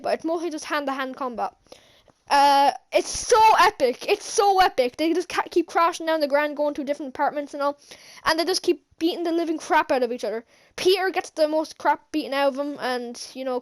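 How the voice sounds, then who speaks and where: A woman giving an excited, rambling movie recap as a vlogger, gushing, with lots of fillers and restarts. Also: high-pitched, quick pace, hardly any pauses.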